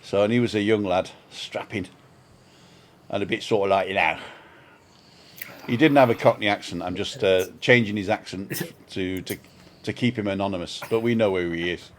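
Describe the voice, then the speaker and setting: A man's voice: on the low side, normal speed, a little hiss or hum. Older man rambling through a story. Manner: rambling storyteller, chuckling, self-mocking. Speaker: vlog co-host. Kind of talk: casual chat on a live stream. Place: home balcony.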